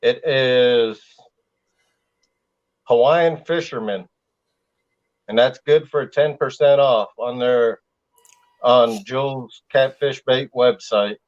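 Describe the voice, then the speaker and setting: A man's voice: mid-range voice, slow, pauses often. A man with a Southern accent, hosting a casual livestream chat and telling stories in a laid-back way. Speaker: livestream host. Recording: slightly dull lo-fi sound.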